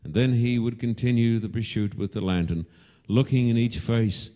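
A man preaching a sermon, telling a story slowly and dramatically and rising to loud cries when he voices the calls. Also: mid-range voice.

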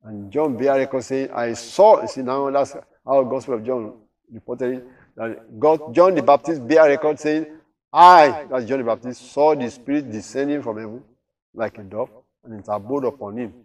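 A man's voice: mid-range voice, fairly even intonation, normal speed, dark tone, recorded from a distance. Man teaching scripture, slightly off-mic. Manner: reads scripture aloud then explains it with rhetorical questions. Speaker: Bible teacher. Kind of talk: Bible study teaching.

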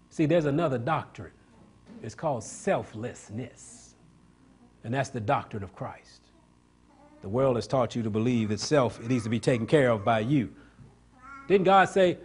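A man's voice: medium pitch, darkish tone, breathy edge. A man preaching a sermon, pushing each point up into emphatic, rising climaxes and drawing call-and-response from the congregation. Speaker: pastor.

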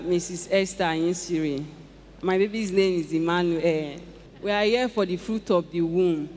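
A Nigerian woman giving an animated testimony to a church congregation, exclaiming and acting out conversations. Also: mid-range voice. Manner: animated, exclaiming, acts out dialogue. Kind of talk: emotional testimony before a congregation. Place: large church auditorium. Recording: echoey large auditorium.

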